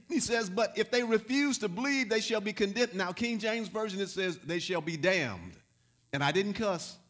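A man preaching a sermon in a high, bright-pitched voice. He repeats key lines and swells into loud exhortations. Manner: repetitive, rising to loud exhortation. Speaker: pastor.

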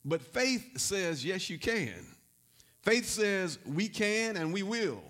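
A man preaching a sermon in a high, bright-pitched voice. He repeats key lines and swells into loud exhortations. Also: big pitch swings, slow. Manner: repetitive, rising to loud exhortation. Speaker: pastor.

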